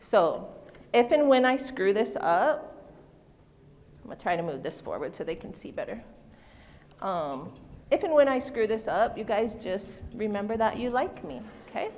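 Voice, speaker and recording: A middle-aged woman presents a floral demonstration on stage at a mid pitch. She is chatty and self-deprecating and jokes easily with the crowd, and her voice carries a long reverb from the hall. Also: sing-song, moderate pace, a little mellow. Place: stage in a large convention hall.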